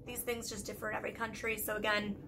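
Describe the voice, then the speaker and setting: A woman's voice: medium pitch, monotone, fast talker, noisy background. A young woman from Canada with a Canadian accent, telling a personal story in a candid, chatty vlog full of "like" fillers. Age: young adult. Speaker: YouTube vlogger.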